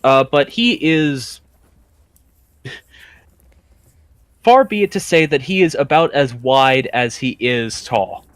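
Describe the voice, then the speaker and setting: Relaxed guy running a tabletop game, chatty, dry close mic. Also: mid-range voice, takes it slowly, long pauses, clean tone, no echo. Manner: relaxed, chatty narration full of fillers. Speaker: game master.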